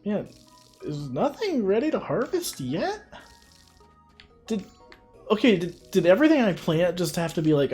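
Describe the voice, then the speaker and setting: A man's voice: high-pitched, very animated, a little slow, pauses often, darkish tone. Male streamer, casual rambling commentary, laughs a lot, faint game music behind. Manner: rambling, many fillers, laughs often.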